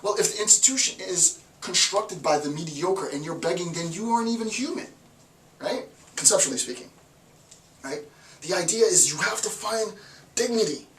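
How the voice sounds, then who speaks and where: A male professor giving an emphatic, animated philosophy lecture, repeating lines for effect. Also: high-pitched, moderate pace. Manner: emphatic, repetitive, animated, with laughs. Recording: roomy, distant mic, faint noise.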